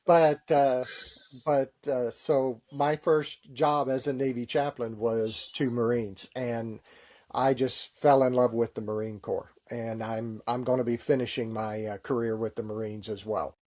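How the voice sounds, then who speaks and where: A man's voice: mid-range voice, fairly even intonation, measured pace, a little mellow. Middle-aged man telling stories, good-humored. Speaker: Navy chaplain. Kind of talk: storytelling interview answers.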